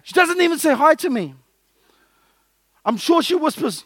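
High-voiced lively male preacher, dry sound. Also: moderate pace, no room sound. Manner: lively, jokey, acts out little scenes. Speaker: pastor. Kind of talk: sermon.

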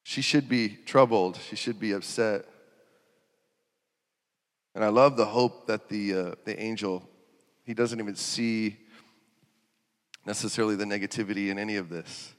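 A man preaching a sermon. He talks in an animated way, laughs, and acts out quotes in sudden loud, high bursts. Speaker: pastor. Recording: reverberant hall.

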